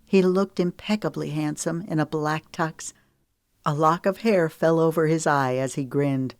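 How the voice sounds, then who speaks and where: A woman with a notably low voice narrates an audiobook in an even, measured way. The recording is dry and close, with no room sound behind her. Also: no echo.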